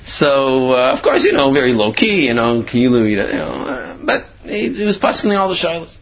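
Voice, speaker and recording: A man's voice: mid-range voice, very animated, normal speed. A man teaching by telling a story in a rambling way, acting out the quotes, on a dull lo-fi recording. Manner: rambling, many fillers, acts out quotes. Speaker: Torah teacher. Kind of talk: storytelling talk.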